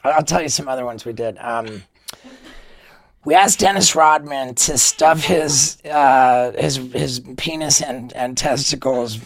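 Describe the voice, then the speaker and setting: A man's voice: mid-range voice, a little slow, no echo. A man guesting on a podcast, telling stories in casual chat with stammering restarts and giggles.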